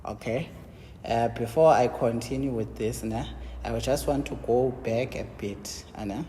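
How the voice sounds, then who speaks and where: A man with a South African Xhosa accent teaching an engineering lesson, mixing English and Xhosa, explaining step by step and answering his own questions with quick checks like "yabo?". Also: mid-range voice, warm tone, in a large hall, slight background noise. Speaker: engineering lecturer.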